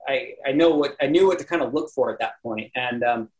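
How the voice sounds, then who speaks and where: A man guesting on a podcast, telling a backpacking story in a casual, animated way, acting out other people's lines and often laughing. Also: mid-range voice, brisk, low-quality recording. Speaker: podcast guest, landscape photographer.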